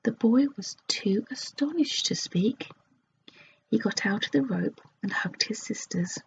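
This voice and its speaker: Woman whispering a storybook, slow and soft. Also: a little high, animated, vocal fry. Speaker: ASMR storyteller. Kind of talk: whispered ASMR storybook reading. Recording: dull lo-fi recording with faint hiss.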